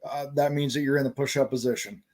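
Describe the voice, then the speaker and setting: A man's voice: mid-range voice, fairly even intonation, fast, darkish tone. A man hosting a casual podcast chat, speaking bluntly and explaining army terms with plenty of swearing.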